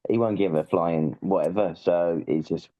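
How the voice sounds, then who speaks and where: A man's voice: low-pitched, steady tone, normal speed, highs cut off. A man chatting casually as a podcast guest about football, joking and rambling with lots of fillers, while he has covid.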